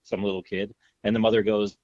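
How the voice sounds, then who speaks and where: A man's voice: on the low side, fairly quick, no echo. Man on a dull, lo-fi podcast line. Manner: brief, relaxed reactions and a loose anecdote. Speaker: podcast co-host. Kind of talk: casual chat. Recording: dull, slightly lo-fi dry audio.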